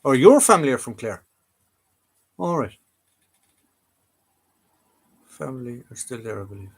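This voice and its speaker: An Irish man hosts a relaxed live stream from a room at home, answering viewers as he goes. He rambles and restarts his sentences, filling the gaps with ums and uhs, and his voice sits at an ordinary middle pitch. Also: unhurried, breathy edge. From Ireland. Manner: rambling and chatty, with frequent restarts and fillers. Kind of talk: casual live chat. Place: home room full of collectibles.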